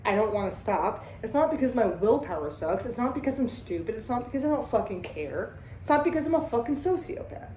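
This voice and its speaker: A woman's voice: a little high, dark tone, far from the mic, slight background noise. A woman hosting a recovery group talk, speaking bluntly and emphatically with heavy swearing. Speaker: host. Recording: echoey room.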